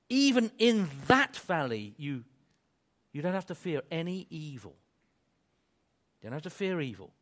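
A man with a slightly raised pitch delivers a sermon, building to loud peaks before easing back to near quiet. He restarts and repeats phrases as he goes. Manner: dynamic preaching, swells loud then drops soft. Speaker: preacher.

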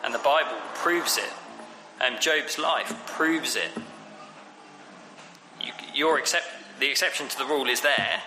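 A man's voice: medium pitch, a little slow, pauses often, music in the background. A man preaching a conversational sermon on scripture, with frequent fillers and restarts. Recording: echoey hall with long reverb.

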